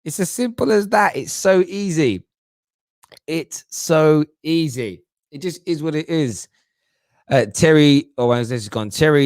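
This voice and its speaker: A man hosts a fan football show, talking in a lively, slangy way as he answers viewer comments. His voice sits in a middling register. The sound is dry and close. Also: mid-range voice, no room sound. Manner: animated, mocking put-on voices, London slang like "bruv". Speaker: football talk show host.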